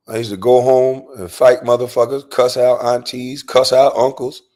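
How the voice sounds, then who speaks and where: Man host, heated profane rant, mid pitch. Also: darkish tone. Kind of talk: casual rant.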